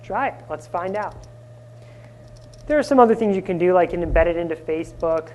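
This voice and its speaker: A man presenting a live conference workshop, energetic and often asking the audience questions. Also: high-pitched, normal speed. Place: conference room.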